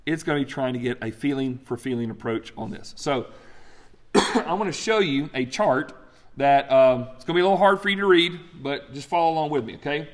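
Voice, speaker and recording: A man preaching a teaching sermon, emphatic and animated, often stopping to restart a phrase or add "right?" His voice sits a little high for a man and rings with the long reverb of a big hall. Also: fairly quick. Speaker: pastor.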